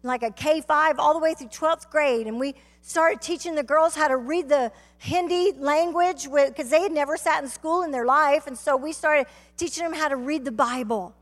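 A high-pitched woman with a Southern US accent, preaching her testimony to a church. She tells her story with fervour and swells into cries of praise. Her voice rings through a reverberant sanctuary with a long tail. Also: normal speed, few pauses. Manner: fervent storytelling preacher, rising to shouts. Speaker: guest speaker. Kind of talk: testimony sermon. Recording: reverberant hall.

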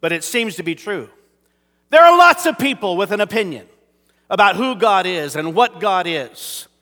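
A man delivers a sermon to a congregation, his voice high and bright. He swings from booming declarations to near-whispers and calls for responses from the room. Long reverb from a church hall trails every phrase. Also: expressive, normal speed. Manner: dramatic, swings from loud to whispered. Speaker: pastor.

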